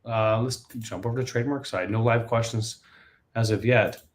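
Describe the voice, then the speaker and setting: A man's voice: fairly low pitch, steady tone, moderate pace. A man hosting a live legal Q&A show, who reads viewer questions aloud and answers them with jokes. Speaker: patent attorney host.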